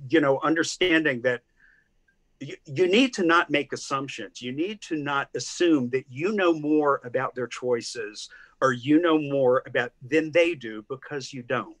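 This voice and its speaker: A man's voice: medium pitch, measured pace, fairly bright tone. Chatty older Southern man. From Tennessee. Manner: chatty storyteller, many restarts and laughs. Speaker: guest critic. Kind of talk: casual video-call interview.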